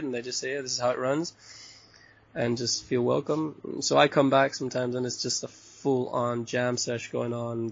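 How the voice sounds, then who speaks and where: A relaxed man from Bali chats loosely as an interview guest, his voice gravelly and a little husky, chuckling between thoughts. The recording sounds dull and lo-fi. He wanders through his sentences with plenty of fillers. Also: medium pitch. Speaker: hostel owner and interview guest. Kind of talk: casual chat interview.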